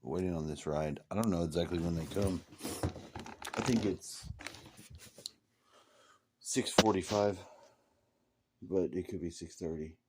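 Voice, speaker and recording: Sleepy man rambling in a very deep voice. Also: a little slow, pauses often, heavy background noise. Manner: drowsy, deadpan, trailing off quietly. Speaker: vlogger. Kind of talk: rambling casual monologue.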